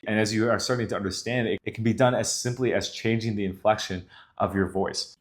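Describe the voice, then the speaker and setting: A man speaking casually to camera as a dating coach, explaining calmly and directly. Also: fairly low pitch. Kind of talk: instructional talk to camera.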